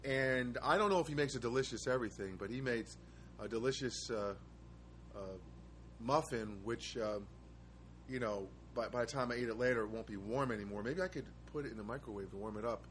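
A man's voice: mid-range voice, brisk, a bit bright, slight background noise. Rambling wry man, chatty monologue. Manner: rambling storyteller, wry asides, frequent hesitations. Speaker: host of his own live show. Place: studio apartment.

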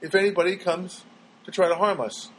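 A man's voice: high-pitched, fairly quick, slight background noise, poor audio. A man telling a rambling comic monologue at home, stammering and restarting as he goes. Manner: rambling, stammering, animated storytelling.

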